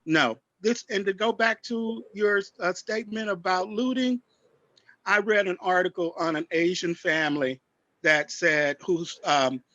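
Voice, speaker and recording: A man speaking with fierce conviction on a panel, his voice bright and pushed forward. The sound is dry and dull, like a lo-fi video-call microphone with little air around it. He talks somewhat high for a man and hits his points hard. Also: unhurried, dry recording. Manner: impassioned, forceful.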